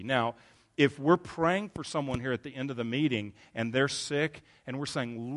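A man's voice: mid-range voice, moderate pace. A man preaching a sermon as pastor, earnest and emphatic, often stopping to correct himself.

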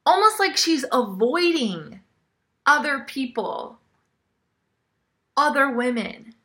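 A woman preaching a sermon in a conversational way, often dropping to a soft near-whisper. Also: sits high, very animated, slow pace, long pauses.

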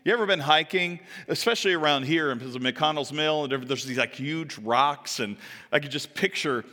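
A man preaching a Sunday sermon, bringing his stories to life as he acts out the people in them. His voice is bright and sharp, pitched a bit high. The sound rings out with the long reverb of a church sanctuary. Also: moderate pace. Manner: animated storytelling, acting out quoted voices. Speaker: pastor.

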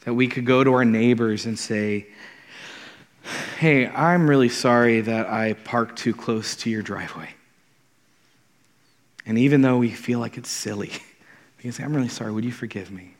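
A man's voice: medium pitch, normal speed, pauses often. A man, a pastor, preaching a conversational and earnest sermon in his thirties, often repeating words as he starts a thought. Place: church sanctuary. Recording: long hall reverb.

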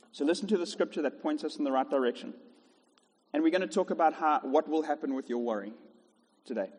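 A man's voice: on the high side, fast talker, darkish tone, husky, big-room sound. A man preaching a sermon in a rhythmic style, with repeated contrasts and jokey asides. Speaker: pastor. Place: church.

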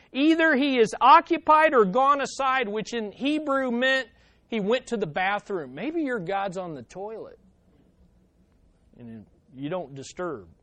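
Dynamic preacher with hushed asides. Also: mid-range voice, no room sound. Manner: conversational, addressing the congregation directly. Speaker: pastor. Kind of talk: sermon.

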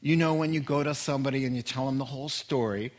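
A man preaching a sermon, telling stories with animated quoted voices and frequent laughter. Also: medium pitch, quick pace. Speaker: pastor.

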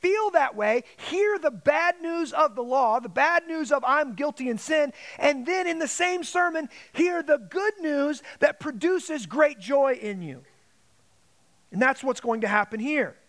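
Pastor, male, very high voice, preaching with dramatic emphasis. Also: expressive, a little slow, fairly bright tone. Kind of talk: sermon.

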